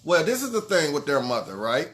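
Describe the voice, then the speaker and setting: His voice a little high with wildly swooping pitch, an adult father of grown sons talks a little fast as he tells his audience a heartfelt story. Earnest and conversational, he often checks in with "you know what I'm saying," restarting trailing lines and softly dropping in level.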